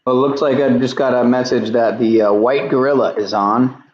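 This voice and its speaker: A man's voice: mid-range voice, steady tone, normal speed. A man hosting a casual livestream panel, rambling and laughing at himself. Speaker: podcast host. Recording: roomy, dull home mic with faint hiss.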